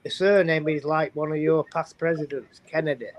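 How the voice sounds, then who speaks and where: Man, English accent, casual chat, stumbling restarts, slightly high voice, video call. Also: steady tone, moderate pace, highs cut off. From England. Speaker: guest on a live stream.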